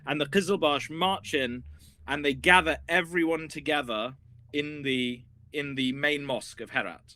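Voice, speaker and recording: A man who is a guest historian, telling a story in a casual, animated way that rambles with many restarts. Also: fairly high pitch, slight background noise.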